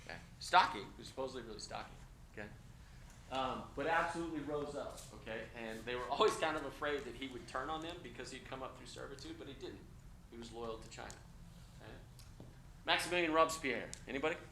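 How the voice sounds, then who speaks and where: A male instructor lectures with a bright, forceful tone and keeps checking in with his students. The classroom rings with echo, and a faint hiss sits underneath. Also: medium pitch, quick pace. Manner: energetic, conversational, frequent "okay?" check-ins. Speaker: college instructor. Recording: echoey classroom with faint noise.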